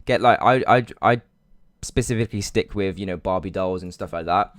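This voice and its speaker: A man's voice: deep voice, a little fast, slight background noise. A young man walking viewers through a screen-share tutorial in a chatty, hyped way, often saying "guys" and "right?". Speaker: online money-making tutor. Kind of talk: casual screen-share walkthrough.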